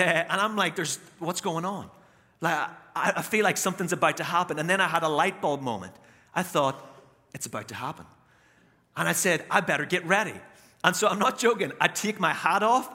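A man's voice: fairly high pitch, sharp tone. A man with an Irish accent, preaching a sermon and telling a humorous, self-mocking story in a large church auditorium. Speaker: pastor. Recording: reverberant auditorium.

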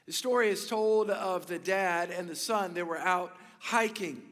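Male pastor, bright energetic sermon voice, high pitch, storyteller, large reverberant hall. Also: a little slow. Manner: storytelling, acting out shouted quotes.

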